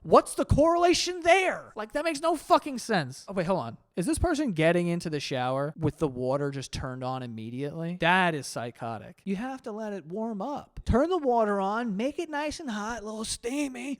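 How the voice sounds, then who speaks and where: A man hosting a comedic commentary, reacting to opinions in an animated, profane and incredulous way. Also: sits high, moderate pace, hardly any pauses. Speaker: host.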